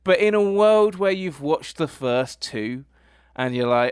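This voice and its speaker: A man's voice: fairly high pitch, animated, a little slow, clear, resonant tone, dry recording, clean studio sound. A man co-hosting a casual film review podcast, easygoing and hesitant, often restarting his sentences. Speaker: podcast co-host.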